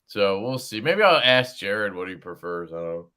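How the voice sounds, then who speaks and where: A man hosting a casual livestream, with a bright, forceful voice. He jokes crudely, swears freely and calls out viewers by name between bits of chat. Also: lowish voice, big pitch swings, moderate pace, clear, resonant tone. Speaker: host.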